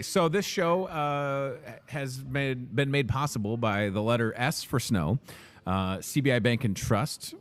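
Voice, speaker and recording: A young man hosting a grocery store's daily video, energetic, jokey and rambling, recorded in the store. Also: mid-range voice. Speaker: host.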